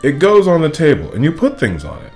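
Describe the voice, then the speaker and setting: Guy doing a sweet simple storybook bear, polite and mild, bit higher than his own voice. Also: huge pitch swings, brisk, darkish tone, soft background music. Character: gentle simple male teddy bear.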